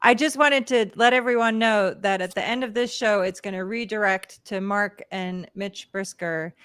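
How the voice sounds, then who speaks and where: A woman's voice: mid-range voice, moderate pace, fairly bright tone, clear, resonant tone, no room sound, studio quality. A woman guest talking casually about raising her children, chatty with frequent laughs. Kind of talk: casual chat.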